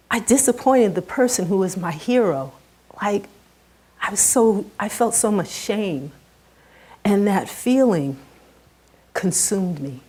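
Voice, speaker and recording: A woman's voice: medium pitch, darkish tone, breathy edge. A middle-aged woman giving a heartfelt personal talk on stage to a live audience, her voice rising and dropping with emotion. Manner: earnest and heartfelt, rises and drops sharply with emotion.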